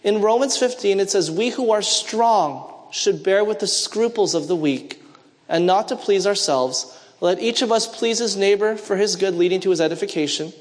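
Preaching in a church at normal speed, this high-voiced man's sermon echoes with a long hall reverb. He weaves personal stories together with questions the congregation is meant to answer aloud.

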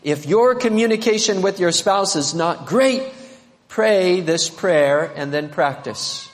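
A man preaching a sermon as pastor, animated, swinging between emphatic high notes and quiet asides. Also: takes it slowly. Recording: long reverb of a large hall.

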